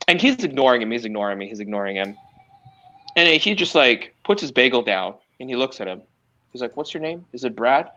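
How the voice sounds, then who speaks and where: A man's voice: mid-range voice, big pitch swings, fairly quick, bright, forceful tone. A man, a guest DJ, telling loose, profane stories with laughs in a casual podcast interview. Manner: laid-back, profane, laughing storyteller. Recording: slightly dull lo-fi sound.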